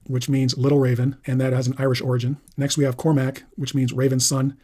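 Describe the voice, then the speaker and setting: A man's voice: medium pitch, little pitch movement, quick pace, dark tone, husky. A man reading through a list of names and their meanings, explaining each in turn. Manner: plain, explanatory, reading aloud item by item.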